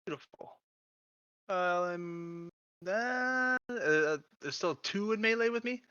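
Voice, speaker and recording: A soft-spoken man plays a tabletop game and offers supportive remarks. His voice sits on the higher side. It comes through a dull, lo-fi microphone with a dry sound. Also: slow, clear, resonant tone, no room sound.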